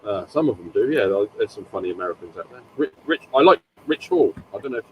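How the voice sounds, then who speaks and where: A man with a Northern English accent in casual chat, halting and repeating words before trailing off. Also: fairly low pitch, expressive, muffled recording, slight background noise. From United Kingdom.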